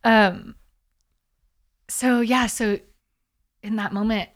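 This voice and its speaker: A woman's voice: fairly high pitch, extremely slow. Woman telling a personal story, restarts often. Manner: animated storytelling with many fillers and restarts. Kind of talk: casual chat, personal story.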